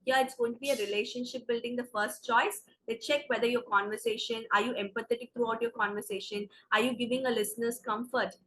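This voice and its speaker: A woman's voice: fairly high pitch, fairly even intonation, quick pace, few pauses, a bit bright, slight background noise, low-quality recording. A woman with an Indian English accent teaching an exam preparation class, explaining step by step and checking in with "okay". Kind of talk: classroom lecture.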